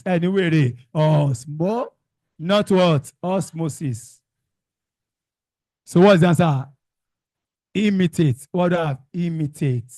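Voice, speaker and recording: A man's voice: fairly high pitch, slow, pauses often, a little mellow, dry recording, studio quality. A man teaching a revision class, calling out questions and repeating the answers in call-and-response drills.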